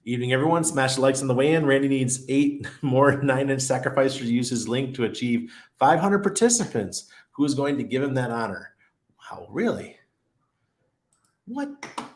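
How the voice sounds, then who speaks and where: A man's voice: medium pitch, expressive, normal speed. A middle-aged man hosting a casual crypto live stream, chatty and laid-back, often laughing as he reads the chat aloud. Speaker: crypto livestream host.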